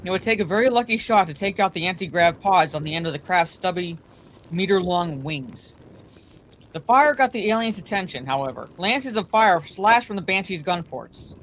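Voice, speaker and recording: A woman's voice: on the low side, a little hiss or hum, poor audio. Woman reading a bedtime story. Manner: steady, plain reading aloud with occasional throat clearing. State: slightly congested from allergies.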